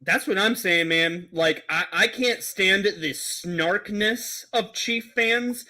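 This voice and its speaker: Dude cohosting a fan sports show, bright sharp tone, strong opinions. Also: male voice, high voice, slow pace. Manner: opinionated, emphatic. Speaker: co-host. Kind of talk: casual sports talk.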